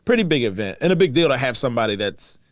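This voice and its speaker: A man in his forties hosts a casual podcast from a small studio, talking fast at a medium pitch into a studio mic with a dry sound. He's lively and rambling, laughing often as he chats.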